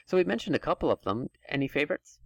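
A man's voice: a little high, big pitch swings, fast talker, creaky, no echo. A man hosting a casual podcast chat, talking things through at length in long run-on stretches. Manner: chatty, thinks aloud in long run-on stretches. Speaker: podcast host.

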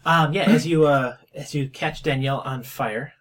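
A man's voice: medium pitch, moderate pace, noisy background. A man narrating as game master of a tabletop role-playing game, hesitant, with many ums and uhs. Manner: hesitant, lots of uh and um, laughs often.

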